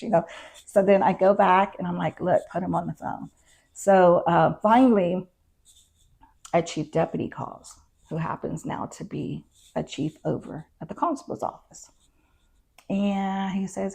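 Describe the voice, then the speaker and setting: Woman, constable, low voice, gravelly, husky, storytelling in an interview, acts out dialogue. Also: normal speed. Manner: animated retelling that acts out quoted exchanges; frequent fillers like "you know" and "um". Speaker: county constable, interview guest. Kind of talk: first-person storytelling in an interview.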